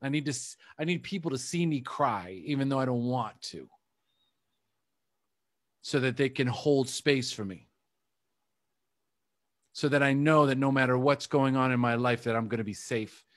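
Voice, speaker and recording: A man's voice: mid-range voice, normal speed, pauses often, a bit bright, dry recording, studio quality. Candid man telling a confessional story. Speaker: life coach. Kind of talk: personal story told to a group call.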